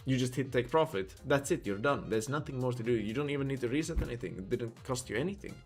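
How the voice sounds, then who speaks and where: A man's voice: mid-range voice, animated, fast, faint music behind. A man from Sweden with a Swedish accent, chatting casually on a live stream, rambling with lots of fillers as he thinks aloud. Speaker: livestreamer.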